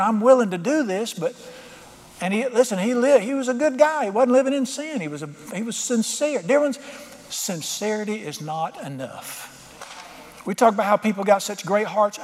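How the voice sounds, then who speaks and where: A man's voice: high voice, long reverb tail. A man preaching a sermon, telling a story and building to fervent emphasis. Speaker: pastor.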